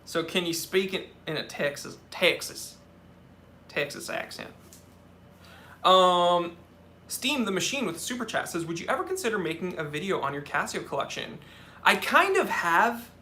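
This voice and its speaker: Young male host, bright tone, slightly high, chatty live Q&A delivery. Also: very animated, normal speed, a little hiss or hum. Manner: chatty, answers questions off the cuff, talks to his cats. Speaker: watch channel host. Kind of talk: live-stream Q&A reading viewer comments.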